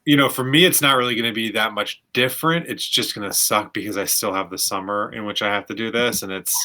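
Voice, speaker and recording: Low, bright-toned man with dry jokes. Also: quick pace. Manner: dry, joking. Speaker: podcast co-host. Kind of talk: casual chat.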